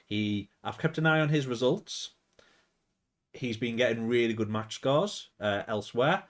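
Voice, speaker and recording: A man giving casual, chatty commentary on his management game, rambling and thinking aloud. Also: medium pitch.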